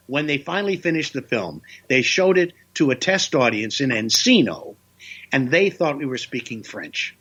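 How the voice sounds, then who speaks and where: An older man, a voice actor guest, telling lively anecdotes in an interview with playful voice bits. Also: fairly high pitch, measured pace, slightly rough, highs cut off.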